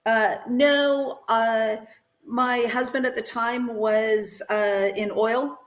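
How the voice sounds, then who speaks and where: Texas woman realtor, interview guest; even, down-to-earth delivery. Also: fairly high pitch, slow. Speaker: real estate agent guest. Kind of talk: casual interview answers.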